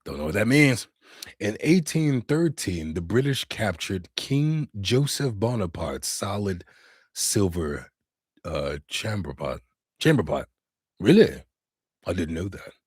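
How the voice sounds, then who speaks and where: A man with a fairly low voice hosts a casual livestream, chatting and reacting to his viewers. The sound is dry and close, with no room echo. He talks in an animated, easygoing way and exclaims often. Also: takes it slowly, breathy edge. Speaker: livestream host. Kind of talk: casual chat reading live chat. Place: home in Finland.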